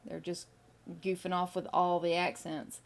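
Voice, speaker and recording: A middle-aged woman chatting casually with her stream viewers as she draws, musing slowly with lots of fillers. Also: lowish voice, level tone. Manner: slow, musing, with many fillers. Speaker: artist streaming while drawing. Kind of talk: casual chat with live viewers.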